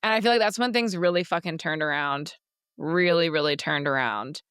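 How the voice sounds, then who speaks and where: A young woman co-hosting a book podcast in casual chat, animated and swearing freely. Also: sits low, moderate pace, clear, resonant tone, dry recording, studio quality. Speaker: podcast co-host.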